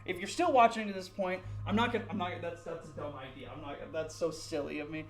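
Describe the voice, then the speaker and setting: A man's voice: a little high, fairly even intonation, fast, faint music behind. A young man ranting dramatically while playing a game at home, pacing around and moving closer to and farther from his mic. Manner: rambling, dramatic, self-mocking; paces about the room, moving toward and away from the mic. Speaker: gaming YouTuber. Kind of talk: ranting gameplay commentary. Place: home room at his computer. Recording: echoey room, varying distance from the mic.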